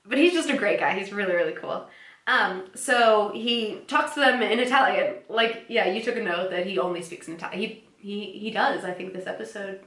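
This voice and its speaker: A woman's voice: mid-range voice, brisk, fairly bright tone. Chatty giggly woman in echoey room. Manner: chatty, giggly, many "um"s, acts out quoted lines. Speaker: podcast co-host recapping episodes. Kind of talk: casual chat.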